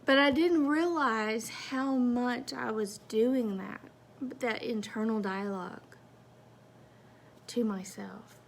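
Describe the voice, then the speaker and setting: A woman's voice: a little high, slow, vocal fry, slight background noise. Chatty woman telling a story. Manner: chatty, animated, self-mocking. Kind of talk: casual personal storytelling.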